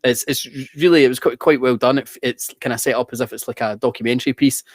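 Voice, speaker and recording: A man's voice: medium pitch, fairly even intonation, quick pace, no room sound. A man around forty, hosting a quiz in casual, sweary banter with restarts. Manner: chatty, sweary, trailing restarts. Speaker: quiz host.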